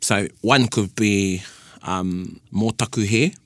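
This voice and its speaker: A man's voice: fairly low pitch, takes it slowly, a bit bright, no echo. A man with a New Zealand accent, hosting a casual radio chat and patiently explaining points of Māori language. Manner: explains patiently, with many restarts and fillers. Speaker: host teaching Māori language.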